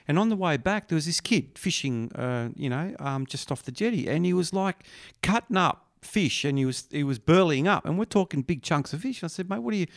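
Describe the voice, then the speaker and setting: A man chatting on a radio show, his voice smooth and clear. The sound is dry and close to the microphone, with no room around it. He rambles through his stories with lots of fillers. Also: medium pitch, no echo. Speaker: radio guest, fishing talk. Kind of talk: casual radio chat. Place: radio studio. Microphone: studio microphone.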